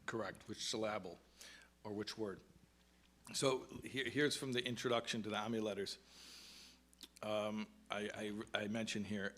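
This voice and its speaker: A man, a rabbi and advice columnist, talking in a thoughtful, halting way with many restarts, then reading aloud from his own writing. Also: lowish voice, steady tone, fairly bright tone. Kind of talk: conversational talk, reading aloud.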